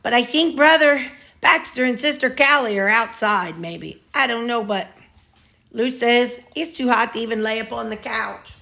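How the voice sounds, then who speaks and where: Woman doing a small male pet dog, sweet and proud, childlike baby talk, bright sharp tone. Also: fairly high pitch, normal speed, gravelly, voice pushed up. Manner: childlike, talks in simple boastful baby talk.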